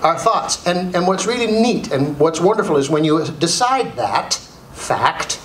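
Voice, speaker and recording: A man giving a comedic motivational talk, animated, asking the audience questions and repeating key phrases. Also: fairly high pitch, measured pace. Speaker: comedic speaker. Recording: echoey room, faint noise.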